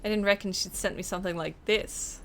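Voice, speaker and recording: A woman's voice: mid-range voice, steady tone, brisk, fairly bright tone, a little hiss or hum, close to an everyday voice. A woman voicing a friendly, chatty male detective with a put-on Texan drawl, reading game dialogue aloud. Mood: folksy.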